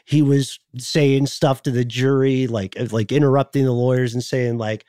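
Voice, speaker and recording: A man from Tennessee, co-hosting a podcast and retelling a history story in a relaxed, joking way. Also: mid-range voice, moderate pace, dry recording, clean studio sound. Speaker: podcast co-host. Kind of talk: casual chat, storytelling. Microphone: studio mic, remote video call.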